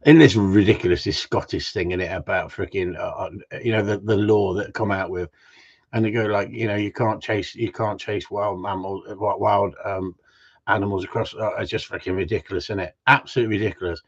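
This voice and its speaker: A man's voice: on the low side, steady tone, a little fast, lo-fi sound. A man who trains gundogs, chatting on a casual livestream in a blunt, ranting way with mild swearing.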